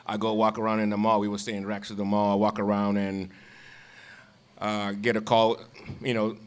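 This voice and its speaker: A man's voice: lowish voice, completely flat delivery, moderate pace, clean tone. A man, a former ballplayer, casually telling stories with frequent laughs and repeated words. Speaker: guest, former baseball player. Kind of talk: casual storytelling.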